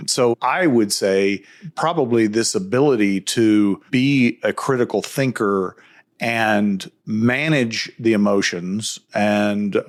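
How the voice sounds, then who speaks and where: A man hosting a podcast interview, affirming his guest and reflecting on the answers. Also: lowish voice. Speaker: podcast host.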